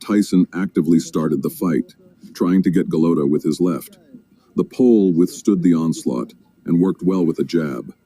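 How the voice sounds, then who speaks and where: A man narrating a sports documentary in a steady, measured way. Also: low-pitched, a little hiss or hum. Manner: steady, measured storytelling with occasional fillers.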